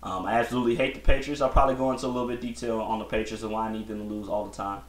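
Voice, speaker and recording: A man's voice: on the low side, fairly even intonation, racing. A man hosting a solo podcast, giving blunt, slangy opinions in a rambling casual chat with many restarts. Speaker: podcast host. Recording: echoey room.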